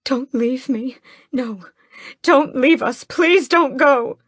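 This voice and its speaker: A woman's voice: high voice, slow, a little mellow, no echo, clean studio sound, pitched above the performer's own voice. A woman voicing a grand, manipulative vampire mother in an audiobook, theatrical and dramatic. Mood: sobbing pleas. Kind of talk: audiobook character voice.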